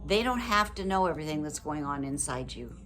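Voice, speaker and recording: An older woman talking to her viewers in a personal, heartfelt vlog, reflective, gentle and earnest, with emotion close to the surface. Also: sits low, lively intonation, a little fast. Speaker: widow sharing advice with her viewers.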